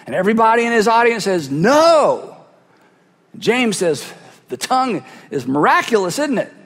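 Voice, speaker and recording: A pastor delivering a sermon through a cheek-worn headset mic, swinging from loud bursts to hushed asides as he acts out voices. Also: high-pitched, sing-song, fairly quick, in a large hall. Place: large church hall.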